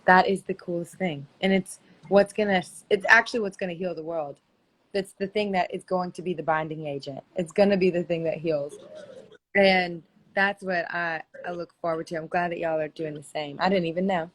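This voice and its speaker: A woman's voice: fairly low pitch, fairly even intonation, normal speed, a bit bright. A woman hosting a casual live stream chat, enthusiastic and rambling. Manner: enthusiastic, rambling, searches for words.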